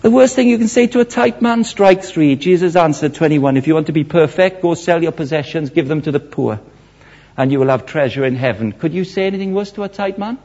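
Male preacher, husky, storytelling with big acted swings; muffled lo-fi sermon recording. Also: fairly quick. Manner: animated storytelling, acts out quotes with big swings in pitch and loudness.

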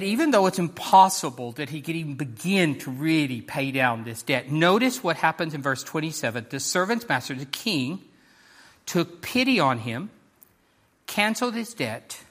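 Male pastor, high bright voice, earnest emphatic sermon delivery. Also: expressive, measured pace. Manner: earnest, emphatic, repeats key phrases, speaks to the congregation.

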